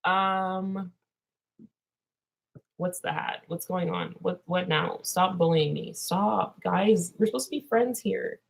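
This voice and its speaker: A woman with a fairly low, gravelly, husky voice talks slowly as she hosts a livestream and answers chat. Her rambling talk with viewers is scatterbrained and silly, and she keeps breaking into songs she makes up on the spot.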